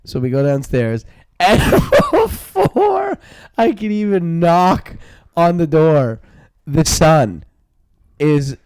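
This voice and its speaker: A man co-hosting a podcast, chatting casually and jumping in with quick remarks, often laughing. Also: fairly high pitch, very animated, darkish tone, no echo. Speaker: podcast co-host. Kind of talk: casual banter.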